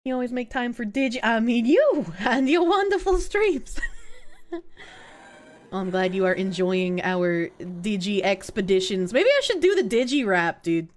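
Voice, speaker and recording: A woman's voice: on the high side, big pitch swings, measured pace. A young woman streaming a video game live, chatting casually and crudely with her viewers and joking as she plays. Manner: casual, profane, joking with chat.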